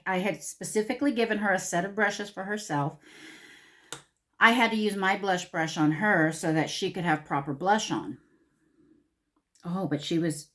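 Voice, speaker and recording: A middle-aged woman telling a rambling, conversational story to camera in a casual vlog. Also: on the low side. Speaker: beauty vlogger.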